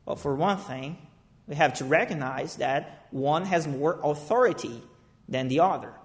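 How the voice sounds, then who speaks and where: A man's voice: on the high side, measured pace. A man preaching a sermon to a church gathering, reading scripture, praying and telling a story with emphatic, dramatic rises. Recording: long reverb of a large hall.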